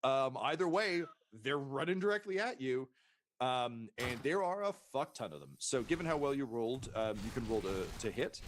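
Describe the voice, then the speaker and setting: A man's voice: medium pitch, big pitch swings, normal speed. A man running a tabletop role-playing game as game master, casual and profane, with many fillers. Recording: noisy stream mix.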